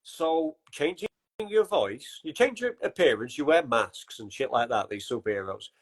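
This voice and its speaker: A man's voice: medium pitch, expressive, moderate pace, rough recording. A man hosting a podcast in casual chat, with wry, sarcastic asides and frequent swearing. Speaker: podcast host.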